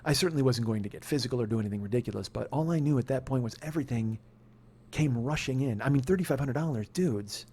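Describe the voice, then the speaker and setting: A man's voice: mid-range voice, fast talker, mellow, slightly rough. A man telling a comedic story as a podcast host, profane and building into exasperated ranting.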